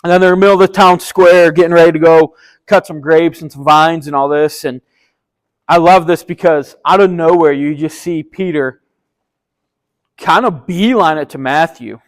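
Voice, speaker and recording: High-voiced man giving a chatty sermon. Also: normal speed, rough recording. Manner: chatty, enthusiastic, slangy storytelling. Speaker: pastor. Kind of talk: casual sermon retelling a story.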